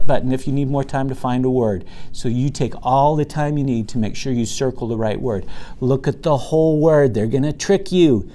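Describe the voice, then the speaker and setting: A man teaching a reading lesson to young children, speaking slowly and patiently in a sing-song way and stretching words out. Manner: bursts loud and high when excited.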